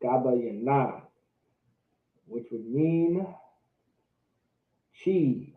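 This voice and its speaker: A man giving a casual language lesson, repeating words slowly and talking informally to his class. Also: mid-range voice, expressive. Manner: drawn-out repetition of words, informal. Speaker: teacher. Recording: echoey, tinny phone-like audio.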